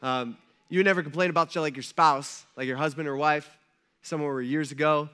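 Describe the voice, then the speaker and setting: A pastor's sermon delivered by a man with a bright, forceful voice pitched a touch high. He talks to the congregation like a friend, throwing out rhetorical questions and quick asides. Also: steady tone, clear, resonant tone.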